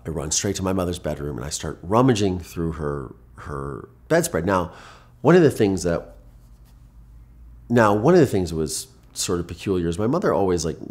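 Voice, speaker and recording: A man from Ohio recounts a personal story in earnest, vivid detail. His voice sits deep and low. He often restarts phrases as he talks. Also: a little mellow. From Ohio, USA. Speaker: guest.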